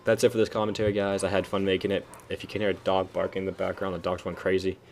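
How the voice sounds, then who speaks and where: A man's voice: deep voice, little pitch movement, fast, darkish tone, slight background noise. A young man giving a rambling, preachy spoken commentary, often correcting himself mid-sentence. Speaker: video commentator.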